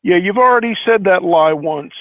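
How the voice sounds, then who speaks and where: A man's voice: sits high, animated, no room sound. A man putting on a stubborn, suspicious prank caller voice that keeps accusing the listener of lying. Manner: accusing, drawn-out. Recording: tinny phone line.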